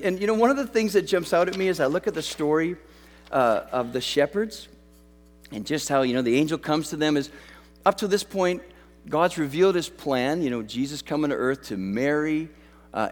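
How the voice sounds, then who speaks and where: A man's voice: sits high, in a large hall. A man from Western Canada preaching a sermon, telling a story in a conversational way with self-deprecating humor. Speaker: pastor.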